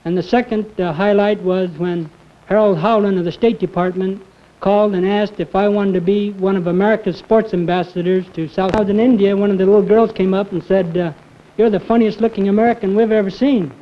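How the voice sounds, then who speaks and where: A man in his thirties, a quiz show contestant answering modestly and haltingly with frequent pauses. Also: sits high, fairly even intonation. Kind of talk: conversational interview answers. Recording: muffled 1950s TV audio.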